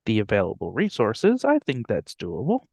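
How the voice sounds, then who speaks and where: A man's voice: on the low side, huge pitch swings, normal speed, vocal fry, darkish tone, slightly rough, dry recording. A young man co-hosting a podcast in casual chat, joking and laughing often. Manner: laughs often, jokey, puts on silly voices for quotes. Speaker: podcast co-host.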